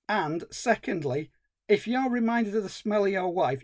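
A man's voice: high-pitched, expressive, normal speed, dry recording. A man co-hosting a film podcast, ranting in exasperated, sweary casual chat. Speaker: podcast co-host.

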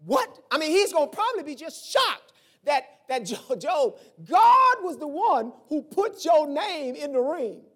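In an unhurried, sing-song delivery, a male pastor preaches a sermon. He tells stories and performs the characters' voices, moving between shouting and low asides.

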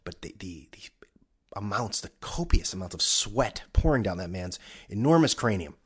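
A man's voice: lowish voice, animated, moderate pace, slightly rough. A man ranting casually about sports, rambling and sarcastic, swearing often.

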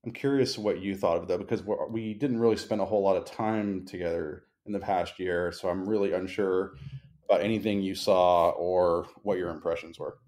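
A man's voice: deep voice, fairly even intonation, moderate pace, a little mellow. A man co-hosting a podcast in casual chat from a hotel room, speaking in a wordy, articulate way over a remote call. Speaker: podcast co-host. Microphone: remote call recording.

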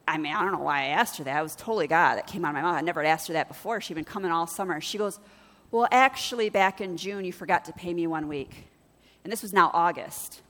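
A woman's voice: lowish voice, fast, big-room sound. A woman pastor preaching a sermon, telling stories and acting out both sides of conversations. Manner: storytelling, acts out dialogue with lively shifts.

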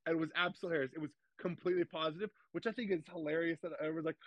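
A man's voice: on the high side, racing, few pauses, no echo, low-quality recording. A young man as an interview guest, talking eagerly and gushingly, repeating himself with lots of restarts. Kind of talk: casual interview chat.

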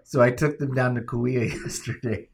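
A man co-hosting a casual podcast, telling an animated story and laughing through his punchlines. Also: mid-range voice, moderate pace, vocal fry, background noise. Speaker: podcast co-host. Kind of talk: casual chat.

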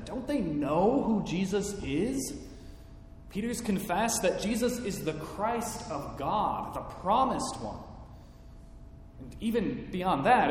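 A male pastor preaching at an unhurried pace, pausing for dramatic effect, his voice sitting a little high. The sound bounces around a large hall with long reverb and a faint rumble. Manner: slow, deliberate, dramatic pauses. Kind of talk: sermon.

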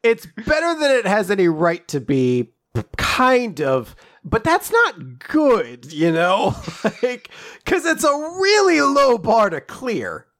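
Lively, joking podcast co-host man. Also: sits high, no echo, clean studio sound. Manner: joking, sarcastic, acts out characters in quick voices. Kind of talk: casual chat recapping manga chapters.

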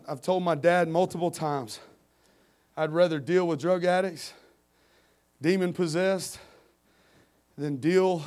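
Male pastor, high voice, impassioned sermon delivery with repeated emphatic phrases, loud then hushed. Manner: impassioned, swinging from loud emphatic preaching to quiet confiding. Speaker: preacher and youth pastor.

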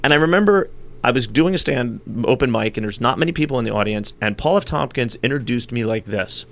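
A man chatting as an interview guest, a loud, animated storyteller. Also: medium pitch, brisk, vocal fry. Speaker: guest, comedian and actor. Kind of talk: casual chat.

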